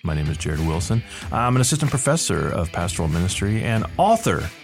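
Middle-aged guy hosting a church podcast, lowish voice, bouncy playful delivery, reading reviews out loud. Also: very animated, a little fast, creaky, soft background music. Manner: playful, laughs often, reads aloud with mock emphasis. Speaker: podcast host, seminary professor.

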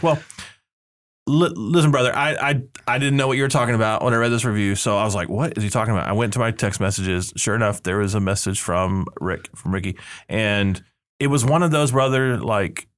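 A lower-voiced man hosts a podcast in a relaxed, joking way. He reads listener reviews aloud with mock emphasis and laughs often along the way. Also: fairly quick. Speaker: podcast host, seminary professor. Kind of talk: casual podcast banter, reading listener reviews.

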